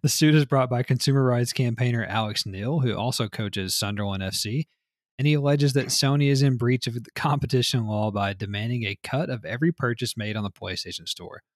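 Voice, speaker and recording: A man's voice: medium pitch, fairly quick, no room sound, studio quality. A man co-hosting a casual news podcast, reading items out and joking with plenty of swearing and laughter. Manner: profane, laughs often, reads news items then jokes.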